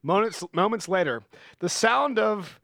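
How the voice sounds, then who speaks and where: Male co-host narrator, goofy and bright, dry close mic. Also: high-pitched, lively intonation, unhurried, gravelly, no room sound. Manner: playful, goofy, laughing. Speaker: podcast co-host and game narrator. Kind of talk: comedic scripted narration.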